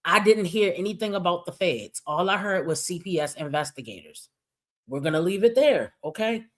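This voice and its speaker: Blunt, exasperated woman streamer, lowish voice. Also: expressive, moderate pace. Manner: blunt, exasperated, swearing freely. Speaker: commentary streamer. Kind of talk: reaction commentary livestream.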